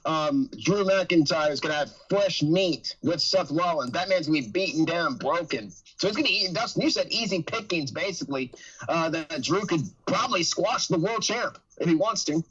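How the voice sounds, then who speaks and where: Husky animated man hosting a podcast. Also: a little high, muffled recording. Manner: animated, fast, talks over others. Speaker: podcast host. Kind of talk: casual podcast chat.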